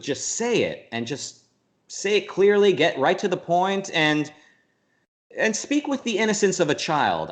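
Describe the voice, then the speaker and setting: A man being interviewed, speaking at an average pitch in a loose, rambling way. He restarts his sentences often and jumps into quick mock voices to make a point. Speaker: interview guest. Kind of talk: casual conversational interview.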